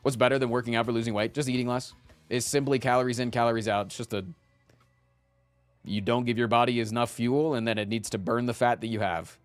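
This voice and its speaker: A man streaming live who chats casually with his viewers, rambling and animated, often tacking "man" onto his sentences. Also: medium pitch, quick pace, no echo, soft background music.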